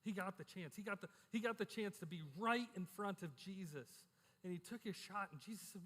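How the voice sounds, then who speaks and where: A middle-aged male pastor with a high, brisk, slightly bright voice preaches in a church, where the hall sounds echoey. He speaks candidly and conversationally, often repeating words as a sentence gets going.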